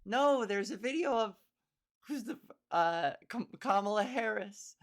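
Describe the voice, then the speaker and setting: A woman's voice: mid-range voice, expressive, measured pace. A young woman hosting a solo comedy podcast, playful and rambling with mock-theatrical asides. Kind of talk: casual solo comedy monologue.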